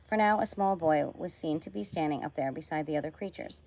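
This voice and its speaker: A woman reads a children's novel aloud with lively, expressive delivery. Her voice sits low and even, with a soft trace of room sound. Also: a little fast, gravelly, slight background noise, rough recording. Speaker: storybook reader.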